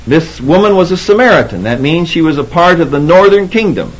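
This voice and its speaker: A man teaching a Bible sermon in a fairly high voice. He reads scripture slowly, cites chapter and verse, and repeats words for emphasis. The sound is dull and lo-fi, like an old tape. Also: expressive, slightly rough.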